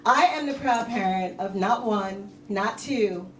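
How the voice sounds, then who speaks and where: A woman performing a stand-up comedy set, telling deadpan dark jokes and talking to the crowd on a club stage. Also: medium pitch, unhurried, soft background music. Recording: echoey club, mic heard from a distance.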